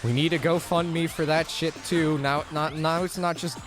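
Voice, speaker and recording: A man chatting playfully and quickly on a stream with friends. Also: on the high side, steady tone, music in the background. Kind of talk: casual chat.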